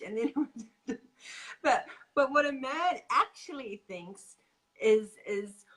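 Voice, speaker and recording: A woman hosting a casual chat about relationships, earnest and quick to laugh, acting out what men say. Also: fairly high pitch, a bit bright, low-quality recording. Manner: earnest, laughs often, acts out quoted men. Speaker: podcast host.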